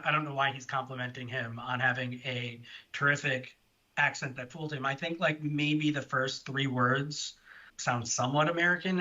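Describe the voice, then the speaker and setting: A man chats loosely as a podcast guest, circling back and restarting his thoughts. His voice is bright and forward, and the recording sounds a little dull and muffled. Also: mid-range voice. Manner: chatty, rambling with restarts. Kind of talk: casual film chat.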